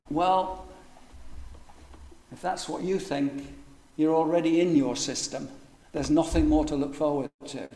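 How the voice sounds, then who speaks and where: Preacher guy, kinda high voice, lots of rhetorical questions, big echoey church sound. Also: warm tone. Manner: emphatic, rhetorical questions, varies pace for stress. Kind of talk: sermon. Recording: echoey church hall with long reverb.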